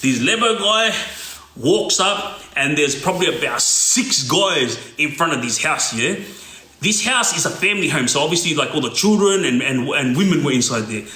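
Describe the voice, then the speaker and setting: A man's voice: fairly high pitch, lively intonation, normal speed, pushed and bright. A middle-aged man, casually telling a story and checking in with "yeah?". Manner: casual, asks "yeah?" often. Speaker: former gang member telling stories. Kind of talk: storytelling monologue. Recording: echoey room.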